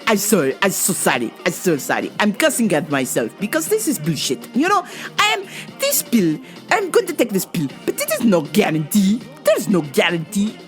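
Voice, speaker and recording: A cranky, cussing customer, as a woman puts him on. He is indignant about everything and stumbles through choppy, broken phrases. His voice swings widely in pitch, with faint music underneath. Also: huge pitch swings, moderate pace. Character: grumpy, cussing male pharmacy customer with put-on French accent.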